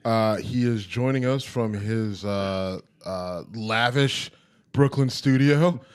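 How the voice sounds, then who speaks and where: Halting man co-hosting a podcast. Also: lowish voice, clear, resonant tone. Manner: halting, heavy with fillers. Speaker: podcast co-host. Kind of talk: casual podcast chat. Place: home podcast studio.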